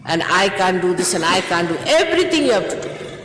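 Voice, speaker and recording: A woman's voice: fairly low pitch, very animated, brisk, a bit bright, roomy sound, big-room sound, a little hiss or hum, poor audio. An older woman, a spiritual teacher, scolding and urging her followers, emphatic, often repeating herself and laughing between remarks.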